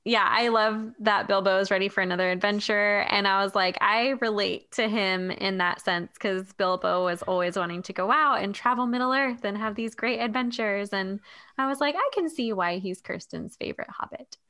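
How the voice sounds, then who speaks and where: A woman's voice: medium pitch, moderate pace, pushed and bright, smooth. A woman co-hosting a podcast in casual chat, thoughtfully explaining her views at length. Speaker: podcast co-host.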